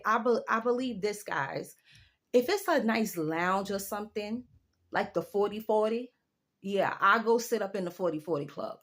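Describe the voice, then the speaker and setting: A woman in her forties giving a casual opinion rant to her viewers, telling a story with emphatic, drawn-out delivery and big jumps in her voice. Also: fairly high pitch. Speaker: vlogger.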